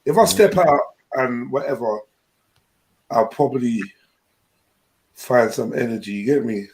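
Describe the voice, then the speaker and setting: A man's voice: medium pitch, a little slow, darkish tone, rough recording. A tired man chatting in a laid-back, slangy way on a livestream. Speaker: livestream guest. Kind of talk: casual chat on a livestream.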